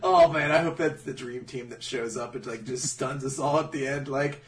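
A man joking through a casual anime recap with his co-host, quoting the characters in an animated way. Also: medium pitch, normal speed, recorded from a distance. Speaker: podcast co-host.

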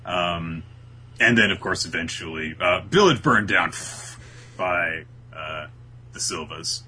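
A podcast co-host recaps a manga chapter on a casual talk show, breaking into quoted character voices. His voice is deep and animated with a sharp tone, unhurried in pace, and a faint hiss or hum sits underneath.

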